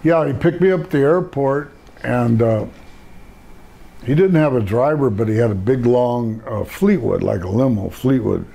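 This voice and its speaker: A man's voice: medium pitch, normal speed, gravelly, dark tone, husky. An older man, a retired pro wrestler, telling rambling laid-back stories in a casual interview and laughing at his own jokes.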